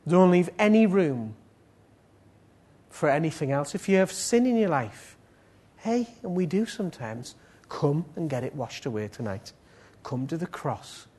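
A man preaching a sermon and leading prayer, swinging between loud pleading appeals and soft, low passages. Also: lively intonation, moderate pace, few pauses, slightly rough.

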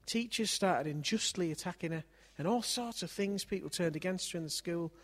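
A husky, slightly breathy male preacher with a voice pitched a little above most men's. He speaks in a conversational way, checking in with the room through tag questions as he teaches. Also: fairly quick. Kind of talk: sermon with a family story.

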